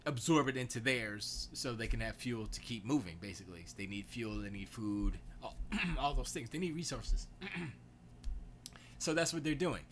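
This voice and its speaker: Stream host, male, loose rambling delivery, bright tone. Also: mid-range voice, slight background noise. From United States. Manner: rambling, reads chat aloud, self-correcting. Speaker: livestream host. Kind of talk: casual livestream chat.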